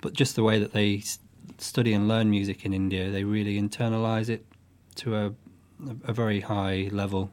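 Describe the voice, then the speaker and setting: Guy musician being interviewed, lowish voice, thinks as he talks, kinda halting. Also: flat delivery, a little mellow. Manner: thoughtful, halting explanations. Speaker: folk musician guest. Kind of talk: interview conversation.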